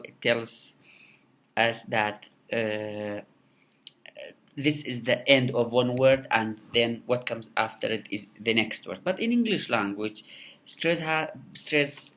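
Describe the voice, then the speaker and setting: Slow guy teaching english, keeps repeating words, mid pitch. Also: pushed and bright. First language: Kurdish. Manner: halting, many repeated words and fillers. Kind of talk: recorded lecture.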